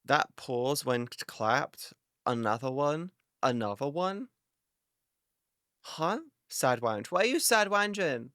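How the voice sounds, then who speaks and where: A woman's voice: rumbling low, animated, slow pace, fairly bright tone, no echo, clean studio sound. A woman streamer in a casual live chat with her viewers, ranting animatedly, swearing a lot and laughing often.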